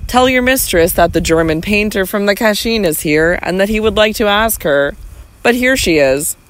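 A man's voice: high-pitched, lively intonation, normal speed, a bit bright. A man reading the part of a shy young painter, hesitant and politely apologetic. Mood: awkward.

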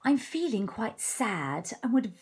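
A woman reading aloud, voicing a sad little male hedgehog who pleads softly for a hug. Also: on the high side, sing-song, slow, breathy edge, full character voice. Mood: sad pleading. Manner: soft, pleading and sniffly.

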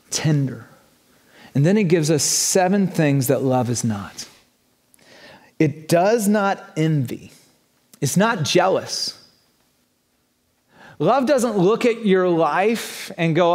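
A man's voice: high-pitched, long reverb tail. A man preaching a sermon, stressing words and building up repeated questions.

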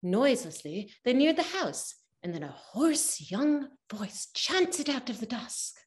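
A woman's voice: on the high side, big pitch swings, a little slow. A woman narrating a spooky story in a stage reading, with dramatic storytelling.

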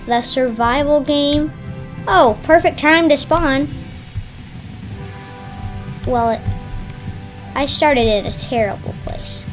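A woman's voice: fairly high pitch, gravelly. A woman giving casual, chatty commentary on her own gameplay, talking to herself and yelping when surprised. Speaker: gameplay streamer.

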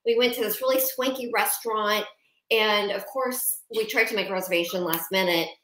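A woman's voice: medium pitch, moderate pace, a bit bright, a little hiss or hum. A woman hosting a live video show, chatting casually and speaking straight to her viewers. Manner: chatty, addresses viewers directly. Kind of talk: casual live-stream chat. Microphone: video call. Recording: echoey room on a video call.

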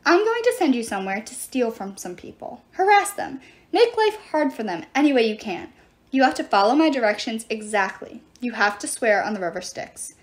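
A woman's voice: on the high side, very animated, normal speed. A woman voicing a wisecracking teenage boy demigod in a storybook reading, joking and bargaining. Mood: scheming.

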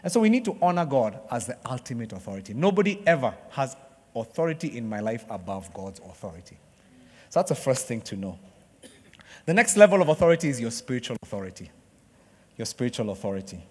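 A man preaching a sermon to a church congregation, joking with the crowd and acting out excited sports fans. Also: mid-range voice, quick pace, breathy edge. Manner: lively, jokes with the congregation, acts out excited fans. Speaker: pastor. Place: church hall. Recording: long hall reverb.

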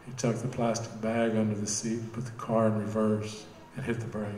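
A man reading his own novel aloud in steady, measured narration at a live bookstore cafe event. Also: fairly low pitch. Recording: roomy cafe with live guitar.

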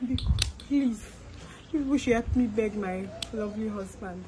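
A woman's voice: medium pitch, a little slow, mellow, slight background noise. A young woman with a Nigerian Igbo-inflected accent, performing a comedic skit monologue. She begs and pleads, repeats herself, and slips between English and Igbo.

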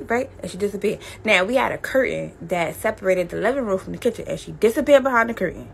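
A woman tells a childhood story to her viewers in a relaxed, chatty, animated way. Her voice is mid-pitched with a gravelly fry. A faint hiss of room noise sits behind her. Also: fast talker, few pauses. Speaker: vlogger. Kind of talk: casual storytelling.

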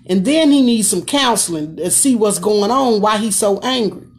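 A woman's voice: medium pitch, moderate pace. Folksy chatty woman. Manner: folksy, chatty, talks straight to viewers. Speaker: live-stream host reading viewer comments. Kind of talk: casual chat. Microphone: phone.

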